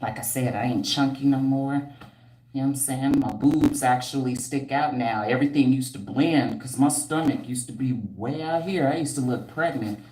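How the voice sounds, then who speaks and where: She has a bass voice and a moderate pace, and the sound is roomy. As a livestream host with a hair care business, she reads viewer comments in a blunt, slangy, teasing way, animated and preachy and frequently squealing or laughing.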